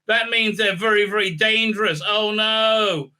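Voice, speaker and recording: A man's voice: sits high, steady tone, unhurried, sharp tone, pitched above the performer's own voice, full character voice. A man mocking a flustered heroine. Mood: mock alarm. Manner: mocking, exaggerated alarm. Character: flustered woman time-travelling hero, preachy.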